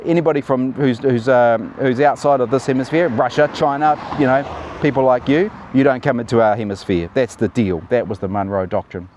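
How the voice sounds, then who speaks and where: A man's voice: medium pitch, darkish tone, a little hiss or hum. A man hosting casual political commentary in a sardonic, chatty way and calling his viewers "team".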